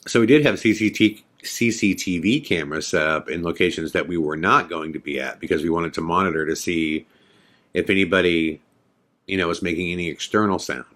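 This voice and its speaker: Podcast host, male, very low voice, casual rambling storyteller. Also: a little fast, a bit bright. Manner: rambling, many fillers.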